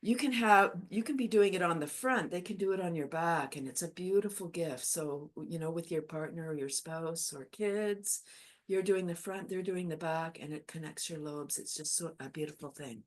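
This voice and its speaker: A woman's voice: on the low side, normal speed. Upbeat woman leading laughter yoga. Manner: upbeat, chatty, laughs often while explaining. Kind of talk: guided exercise class.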